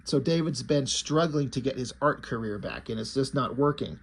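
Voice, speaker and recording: Rambling man retelling a story, husky. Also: medium pitch, moderate pace. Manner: rambling, loose. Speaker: book reviewer. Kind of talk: casual plot retelling.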